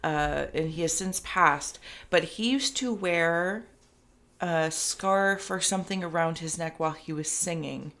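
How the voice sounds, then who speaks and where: A woman's voice: on the low side, measured pace, fairly bright tone. A woman giving a spoken tarot and spirit reading to camera, rambling and thinking aloud with many fillers and restarts. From Canada. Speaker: tarot reader and psychic.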